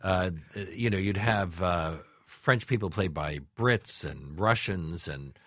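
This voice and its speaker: A man hosting an interview, asking questions in a halting way with many fillers. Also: low-pitched, no room sound. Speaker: radio host.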